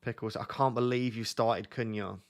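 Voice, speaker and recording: A man's voice: medium pitch, steady tone, moderate pace. A young man hosting a fantasy football livestream, chatting casually and teasing his guest. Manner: joking, teasing. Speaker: livestream host. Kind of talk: casual chat.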